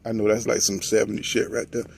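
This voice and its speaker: A man talking casually about boxing, telling the story with lively delivery and mocking voices for the people he quotes. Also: lowish voice, quick pace, vocal fry, a little hiss or hum. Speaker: boxing commentator.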